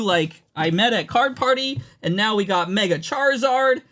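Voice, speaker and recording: A man hosting a live card-opening stream, chatting and thanking viewers, bursting into loud excitement over the cards he pulls. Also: sits high, measured pace, hardly any pauses. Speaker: host.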